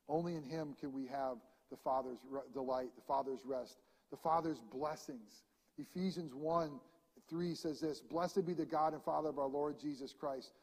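A man preaching a sermon as pastor, reading scripture aloud and swinging between ringing proclamation and hushed, intimate passages. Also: medium pitch, slightly rough. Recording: long reverb of a large hall.

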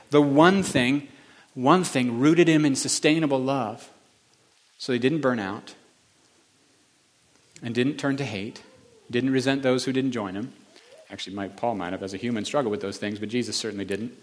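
A male pastor giving a conversational sermon that swings between quiet, reflective passages and emphatic building moments. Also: mid-range voice.

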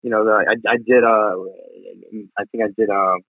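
A man's voice: fairly low pitch, steady tone, moderate pace, no room sound. A man, a chef, chatting casually as a guest, rambling with many fillers and restarts. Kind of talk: casual interview chat. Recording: tinny phone-like dry sound.

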